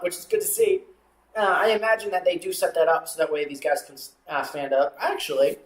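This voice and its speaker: A man's voice: fairly high pitch, fast. Casual male sports commentator, echoey room. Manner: rambling, filler-heavy, self-deprecating asides. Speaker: play-by-play watchalong host. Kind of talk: live amateur play-by-play commentary with casual asides.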